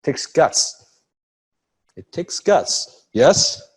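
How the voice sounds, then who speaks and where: A man coaching on public speaking in casual chat, animated and profane, acting out examples as he talks. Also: on the high side, drawn-out words, slightly rough. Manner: animated, profane, demonstrates with acted asides.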